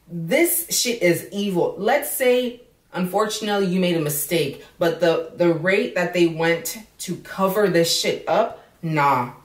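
A woman vlogger in casual commentary, outspoken and indignant, swearing freely. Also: fairly low pitch. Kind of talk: casual commentary on a news story. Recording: roomy echo, voice from a distance.

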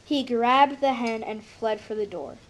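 A woman reads a children's picture book aloud. She takes it slowly and reads with expression. Her voice sits fairly high. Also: noisy background. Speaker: story reader.

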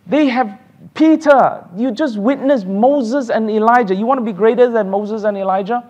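A man teaching a church Sunday school class, animated and laughing often as he takes questions. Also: very high voice, moderate pace, muffled recording.

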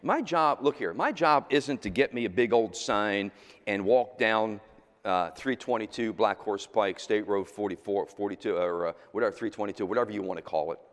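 A man preaching a sermon as the pastor, talking in a loose, conversational way and jumping from loud exclamations to quiet asides. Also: on the low side, normal speed. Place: church sanctuary. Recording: reverberant church hall.

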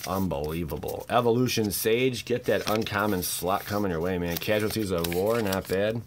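A man hosting a card-opening video, narrating each pull with loud exclamations and low, awed mutters. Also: moderate pace, a little hiss or hum. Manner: exclamatory, swings between shouted excitement and low awed mutters. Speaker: channel host opening card packs. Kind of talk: excited card-opening vlog commentary.

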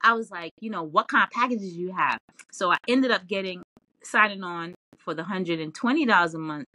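A woman guest in a casual interview, telling her story in an animated way with lots of laughs and fillers. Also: on the low side, a little fast. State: tearful, near crying.

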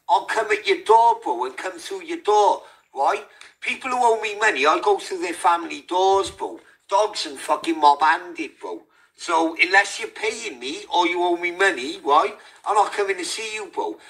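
A man's voice: high-pitched, sharp tone, poor audio. A British man hosting a livestream, delivering an aggressive, sneering rant full of swearing. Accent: British English. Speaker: livestream host. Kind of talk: ranting livestream callout.

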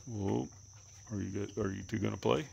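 A man talking to his animals outdoors, coaxing and teasing them, sometimes cussing and calling out in a high voice. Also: fairly even intonation, moderate pace, creaky, a little mellow, husky. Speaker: animal keeper filming his pets. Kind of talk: casual running commentary to animals. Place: outdoors, rural.

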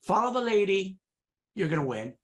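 A man's voice: high-pitched, big pitch swings, moderate pace. A man performing comic magic patter for a live audience, swinging from very serious to absurd, with teasing asides.

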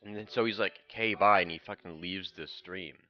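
A young man rants profanely while playing a racing game on stream. His voice sits on the low side, and the recording is dull and lo-fi. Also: fairly quick. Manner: profane, ranting. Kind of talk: casual gameplay commentary.

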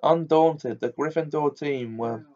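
Reader: man, steady storybook narration with small slips, dull lo-fi sound. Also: on the high side, a little slow. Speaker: audiobook reader. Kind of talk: reading a novel aloud. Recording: dull lo-fi recording.

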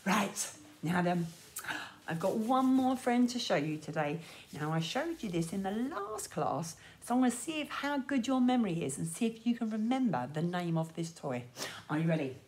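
A woman leading a sing-along class for young children in a lively, sing-song way. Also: medium pitch, normal speed, slight background noise. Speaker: children's music class teacher.

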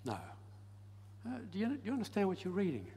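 A man preaching a sermon and telling a story, swinging from loud emphasis to soft, hushed lines. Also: high voice, huge pitch swings, fast, breathy edge. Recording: long hall reverb.

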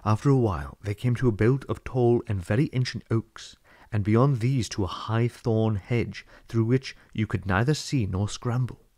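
Low, mellow male storyteller. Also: moderate pace, no echo, studio quality. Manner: steady storytelling read-aloud. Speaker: audiobook reader. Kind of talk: scripted narration.

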